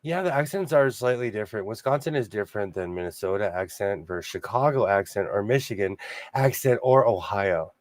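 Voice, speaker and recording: A man's voice: lowish voice, expressive, a little fast, no echo. An older man hosting a sewing livestream, chatting casually and jumping between topics. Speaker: sewing show host.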